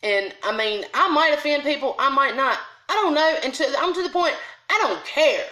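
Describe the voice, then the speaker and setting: A woman's voice: high voice, lively intonation, normal speed, bright, forceful tone, roomy sound, low-quality recording. A middle-aged woman ranting heatedly and bluntly to camera about a confrontation, in casual dialect grammar. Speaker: vlogger. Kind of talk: angry storytime rant to camera.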